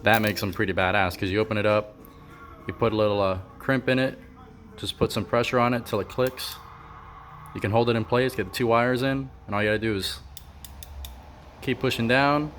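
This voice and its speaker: A man's voice: on the low side, fairly even intonation, a little fast, pauses often, fairly bright tone. A man talking casually to camera about his car project, offhand and thinking aloud with a few fillers. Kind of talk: casual workshop vlog.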